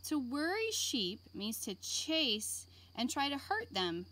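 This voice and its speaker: A woman's voice: high voice, sing-song, slow pace, bright, forceful tone, voice pushed up, full character voice. A woman reading aloud the lines of a kindly woman farmer in a children's storybook, in a cheerful read-aloud voice.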